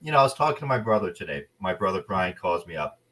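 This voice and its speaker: Low-voiced New Jersey man, animated storyteller. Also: quick pace, far from the mic. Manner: animated storyteller, playful and blunt. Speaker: actor guest. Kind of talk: casual interview chat.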